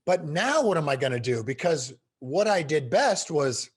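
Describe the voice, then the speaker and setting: A middle-aged man telling stories as an interview guest, animated and emphatic. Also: fairly high pitch, moderate pace, husky. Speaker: guest speaker. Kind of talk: storytelling in a podcast interview.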